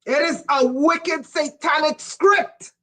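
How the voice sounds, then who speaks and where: A woman giving an impassioned livestream monologue, emphatic and profane, with sudden bursts of shouting. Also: sits high, slow, rough recording. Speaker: livestream speaker.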